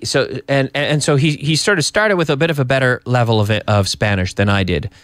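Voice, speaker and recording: A man hosting a live English lesson from an office, explaining pronunciation in an animated, repetitive way and slipping in Spanish phrases. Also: mid-range voice, no room sound, clean studio sound. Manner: animated, repeats and restarts, slips in Spanish phrases. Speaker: English teacher and show host.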